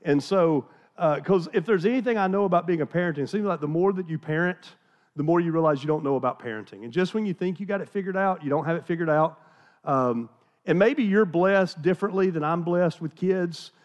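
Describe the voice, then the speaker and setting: A man's voice: a little high, fairly quick, dull audio. A middle-aged man from the American South, a pastor telling a folksy, self-deprecating story in a sermon, chatty with many restarts.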